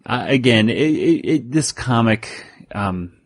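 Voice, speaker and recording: A man co-hosting a podcast in casual chat, rambling through a comic recap and jumping into higher voices for quoted lines. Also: lively intonation, slow pace, no echo, studio quality. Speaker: podcast co-host.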